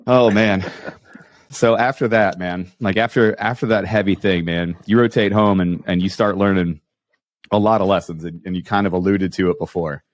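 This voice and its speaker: A man with a very low voice hosts a casual podcast and tells animated stories full of restarts. He speaks into a close microphone, and the sound is dry and dead. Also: normal speed, no echo. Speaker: podcast host. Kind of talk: casual storytelling interview.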